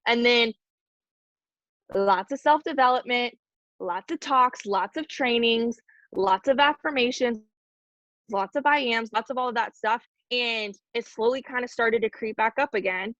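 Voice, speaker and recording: A woman's voice: fairly high pitch, fairly bright tone, dry recording, highs cut off. A woman leading her team, giving a candid, emotional motivational talk on a video call, casual with lots of "like". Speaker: team leader speaking to her team.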